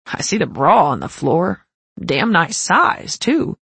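A woman voicing a brash young male cousin who teases loudly in a raised voice. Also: very high-pitched, sing-song, brisk, no room sound, pitched above the performer's own voice, exaggerated voice. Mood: mocking.

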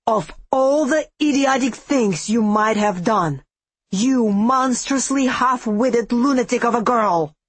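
A proud, imperious wizard, voiced by a woman narrator snarls clipped, scornful words in an audiobook. The voice is husky and close, with a dry, dead sound. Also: mid-range voice, takes it slowly, long pauses, dry recording. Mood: furious. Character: imperious male wizard, proud and sharp-tongued.

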